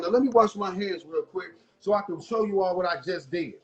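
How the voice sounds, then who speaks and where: A man with a high-pitched, brisk voice hosts a casual live cooking show from his home kitchen, chatting loosely and addressing viewers directly. The audio is dull, with faint jazz playing behind him.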